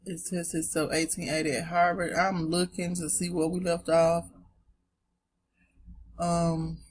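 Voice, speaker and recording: A woman's voice: on the low side, flat delivery, measured pace, breathy edge. A woman with a Southern US accent, reading dictionary entries aloud to her viewers and breaking off for chatty asides. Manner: chatty, talks straight to viewers as "y'all". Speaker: online Bible etymology presenter.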